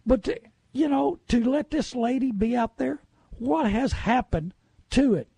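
A man's voice: very high voice, expressive, measured pace, gravelly, warm tone, husky, no echo. A middle-aged man, hosting a talk radio show with folksy, indignant ranting. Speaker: radio host.

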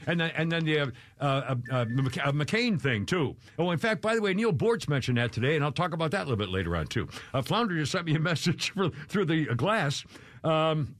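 A man's voice: a little high, big pitch swings, fairly quick, a bit bright, no room sound. A man hosting a talk radio show in a studio, rambling and opinionated, often laughing and mimicking people. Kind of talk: casual talk radio chat. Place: radio studio with video cameras. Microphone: studio microphone.

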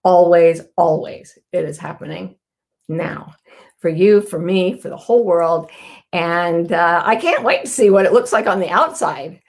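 A woman's voice: fairly low pitch, lively intonation, normal speed, vocal fry. A woman hosting her weekly show, talking casually and intimately to her audience about awakening. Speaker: host. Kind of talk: casual spoken reflection to an online audience.

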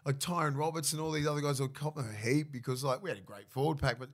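A man's voice: a little high, fast. An Australian man in his thirties, a former rugby league player, telling stories in casual podcast chat and swearing freely. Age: 30s. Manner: swears freely, animated storytelling with mimicked voices.

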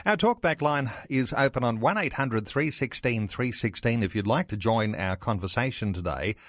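A man hosting talkback radio, announcing in a smooth, even way. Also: mid-range voice, normal speed, dry recording, clean studio sound. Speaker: radio host.

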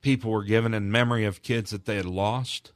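A man's voice: fairly low pitch, steady tone, a little fast, no room sound. A man recounting a moving story in a radio studio interview, earnest and emotional, his voice rising at key moments. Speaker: charity representative.

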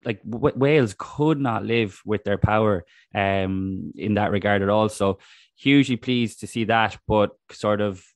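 A man's voice: on the low side, measured pace, no echo. A young man, a rugby writer, talking in a rambling casual way with many restarts. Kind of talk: casual podcast chat.

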